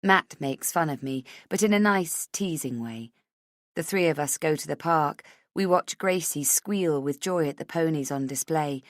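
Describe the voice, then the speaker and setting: A woman's voice: deep voice, normal speed, dry recording, clean studio sound. A woman narrating a first-person thriller audiobook in an intimate, inward way.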